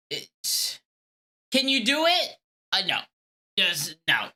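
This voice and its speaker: Give me a woman streamer in casual live chat, low-pitched, exasperated, with a bit of music underneath. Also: sing-song, slow, pauses often, pushed and bright. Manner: exasperated, repeats herself, laughs. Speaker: streamer calling scammers.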